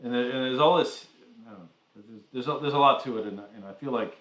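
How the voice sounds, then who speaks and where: Man co-host, casual chat, hesitant restarts, average pitch. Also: quick pace, a bit bright, reverberant, poor audio. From United States. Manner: hesitant, many restarts and fillers. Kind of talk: casual live-stream chat.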